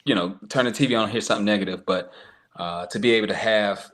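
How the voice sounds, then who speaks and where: A man's voice: on the low side, quick pace, fairly bright tone. A man speaking as a guest on a live-streamed interview, talking earnestly with plenty of "um" and "you know" fillers.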